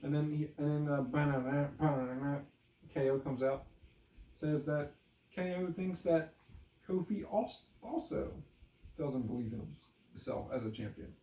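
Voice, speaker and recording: A man co-hosting a wrestling podcast in a joking, rambling way, his voice pitched a bit high with a mellow tone. He sits back from the mic in an echoey room. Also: measured pace, far from the mic. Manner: joking, rambling, many fillers. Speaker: podcast co-host. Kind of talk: casual wrestling podcast chat.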